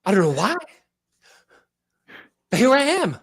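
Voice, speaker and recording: A man's voice: high-pitched, huge pitch swings, measured pace, fairly bright tone, breathy edge, full character voice. A man doing a breathless, cocky tough guy. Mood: goofy. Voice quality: breathless, gesturing, punchy. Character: impression of a famous actor, man, upbeat, dim.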